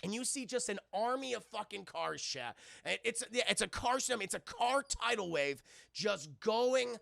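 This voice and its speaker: Gravelly, bright-voiced man ranting excitedly. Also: high-pitched, no room sound, studio quality. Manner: rapid, profane, animated storytelling. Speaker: streamer reviewing a film. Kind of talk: excited spoiler recap to live chat.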